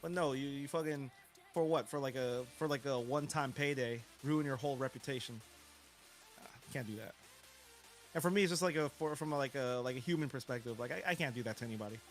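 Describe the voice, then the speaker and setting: A man's voice: mid-range voice, quick pace, faint music behind. A man streaming a live card break, chatting casually and ranting with swearing and frequent chuckles.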